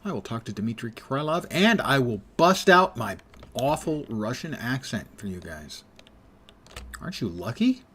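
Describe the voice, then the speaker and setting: A man's voice: mid-range voice, big pitch swings, a little slow, fairly bright tone, slight background noise. A man streaming a game live, chatting and joking casually with his viewers.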